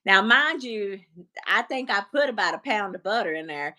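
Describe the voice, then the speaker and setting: A woman, chatting as a guest on a livestream, animated and quick to laugh. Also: medium pitch. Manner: animated storyteller, laughs easily. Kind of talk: casual chat on a livestream.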